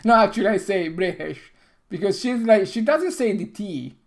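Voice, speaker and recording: A middle-aged man hosting a game dev stream, chatting casually with halting, non-native phrasing and frequent restarts. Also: high voice, animated. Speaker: game developer and stream host.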